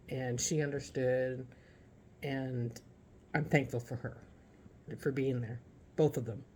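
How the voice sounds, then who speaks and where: A woman's voice: rumbling low, dark tone, a little hiss or hum. Teary, heartfelt woman vlogging at home. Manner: halting and heartfelt, with many restarts. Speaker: vlogger caring for her father. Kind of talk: casual vlog update to viewers.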